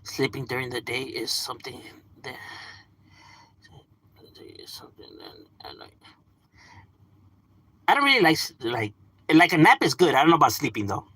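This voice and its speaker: A man's voice: mid-range voice, big pitch swings, normal speed, long pauses, sharp tone, breathy edge, no room sound, poor audio. A man streaming live, talking in a laid-back, slangy way and chatting to his viewers. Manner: laid-back slangy talk with frequent "like" and "bro". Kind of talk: casual live-stream chat.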